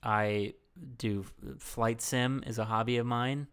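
Male podcast host, jokey, clear tone, meandering. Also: mid-range voice, fairly even intonation, slow, a bit bright. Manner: rambling, jokey, many fillers. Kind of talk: casual podcast chat.

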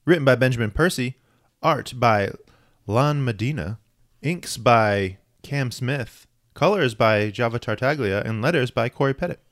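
A man's voice: mid-range voice, lively intonation, a little slow. A man co-hosting a podcast in casual, enthusiastic chat. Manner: enthusiastic, reads out credits. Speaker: podcast co-host. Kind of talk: casual chat about comics.

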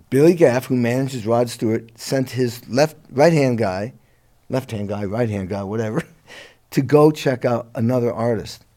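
A middle-aged musician telling his career story in a relaxed interview, lively and a bit profane, laughing along. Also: medium pitch. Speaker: guest musician.

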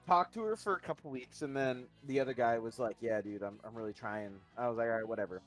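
A man's voice: medium pitch, fast, soft background music. A young man casually telling a long story on a podcast, rambling and swearing as he acts out other people's lines. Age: young adult. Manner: rambling, swearing, mimics voices in quotes. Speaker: podcast co-host.

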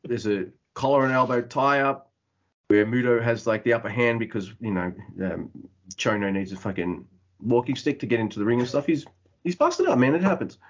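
A man co-hosting a wrestling podcast, recapping a match in excited, profane casual chat. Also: medium pitch, a little fast, muffled recording. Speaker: podcast co-host.

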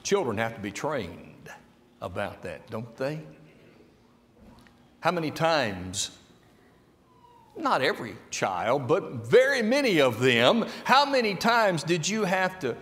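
A man preaching a sermon at a very slow, measured pace, his pitch leaping around with lively emphasis. His voice sits a little high for a man and rings with a long hall reverb. He swings from hushed, low phrases to loud, emphatic peaks.

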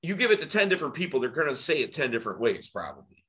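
A man, a dating coach, talking in a casual podcast conversation with an energetic, emphatic public-speaking delivery and big swings in pitch. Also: very fast. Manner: animated public-speaking tonality.

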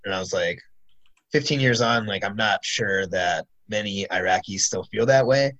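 A man hosts a casual interview in a fairly low voice. He talks in a relaxed, hesitant way and pauses often to find his words. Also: muffled recording. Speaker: podcast host.

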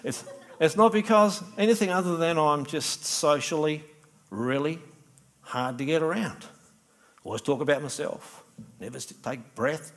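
Brief: middle-aged male pastor, chatty sermon delivery, animated with acted-out exchanges. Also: fairly high pitch, normal speed. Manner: animated, acts out little dialogues, conversational preaching.

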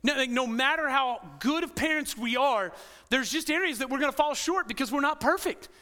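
A male pastor preaching a sermon in a church with a bright, cutting tone. His voice sits high for a man. He swings between loud emphatic bursts and hushed, intense passages. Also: animated, a little fast. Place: church sanctuary.

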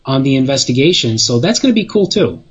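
A man with a Chicago-flavored Midwestern accent banters on a radio show, joking and laughing easily. His voice is husky and a little raspy. The line sounds muffled and lo-fi. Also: medium pitch, very animated, quick pace. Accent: Midwestern American, Chicago.

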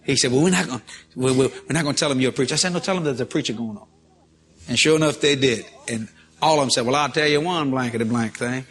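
A man preacher telling a story from the pulpit, animated and breaking into loud shouts of praise. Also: medium pitch, fast. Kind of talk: storytelling sermon.

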